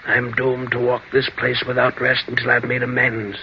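A man's voice: mid-range voice, completely flat delivery, moderate pace, slight background noise, natural voice. An actor playing the solemn ghost of a dead man who returns to make amends, in an old radio drama. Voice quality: gravelly, solemn, hushed at times. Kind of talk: 1940s radio acting. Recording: dull lo-fi old radio recording.

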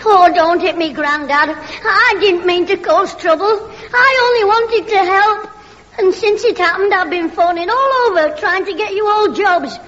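An actor voicing a cheeky, scheming young boy in a vintage radio sitcom, with a very high boyish voice and quick pleading excuses. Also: fairly bright tone. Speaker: mischievous son. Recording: dull old broadcast with hall reverb and studio audience.

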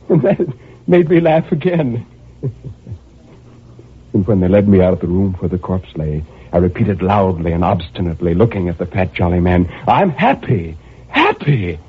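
A tormented murderer in a cell, husky voice, anguished feverish raving, old radio drama, tinny lo-fi sound. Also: male voice, a little high.

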